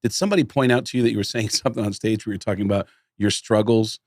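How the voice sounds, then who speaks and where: Comedian guest, male, energetic storyteller who mimics people, dry close mic. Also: fairly low pitch, very fast, no room sound. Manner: animated storyteller who acts out voices. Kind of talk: casual storytelling chat.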